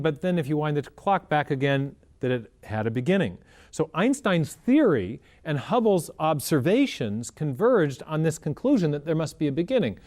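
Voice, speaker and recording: A man's voice: fairly high pitch, darkish tone. A man answering as an interview guest, explaining in an earnest, methodical way and often restarting his sentences. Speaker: guest scientist.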